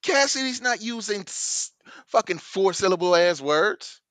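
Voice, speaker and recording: Male podcast co-host, slightly high voice, insistent and profane, dry close sound. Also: animated, unhurried, a bit bright, dry recording. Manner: insistent, restarts mid-thought, profane. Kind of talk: casual debate about rap lyrics.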